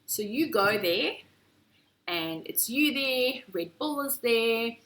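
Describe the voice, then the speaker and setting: Bright, lively businesswoman presenting. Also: takes it slowly, slight background noise. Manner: lively, acts out sales pitches in a chirpy voice. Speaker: marketing agency director.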